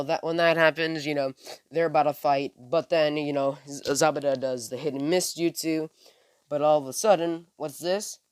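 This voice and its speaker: A man's voice: fairly high pitch, clean tone, no echo. A man casually retelling a fan story, rambling with many fillers and self-corrections, recorded on a phone. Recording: dry close phone recording.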